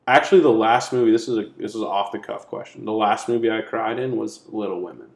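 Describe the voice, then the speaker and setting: A man co-hosting a casual podcast, talking through favorite movie scenes in a relaxed, conversational way. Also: fairly low pitch, quick pace, vocal fry. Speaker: podcast co-host. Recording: roomy echo.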